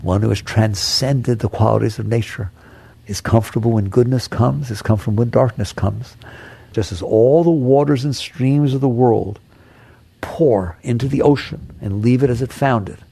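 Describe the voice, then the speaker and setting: A man's voice: medium pitch, normal speed, vocal fry, warm tone, slightly rough, no room sound. A man giving a spiritual talk as a teacher, emphatic and repetitive, asking rhetorical questions. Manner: emphatic, repeats key phrases, rhetorical questions.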